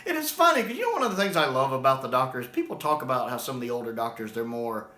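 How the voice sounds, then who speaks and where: A man's voice: mid-range voice, sing-song, rapid-fire, pushed and bright. A man reviewing a novel in a casual, enthusiastic way, laughing often and filling with "you know". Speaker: book reviewer. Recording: roomy echo.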